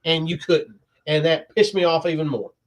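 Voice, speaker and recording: A laid-back man with a fairly high voice, telling stories in casual chat about comics. He talks easily and unhurried, recounting things step by step. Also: steady tone. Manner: storytelling, laid-back with laughs. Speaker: podcast co-host.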